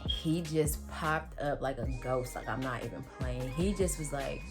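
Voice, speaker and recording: A woman in her twenties telling a storytime vlog in animated, slangy casual talk full of fillers. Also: extremely low pitch, measured pace, hardly any pauses, over music. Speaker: vlogger.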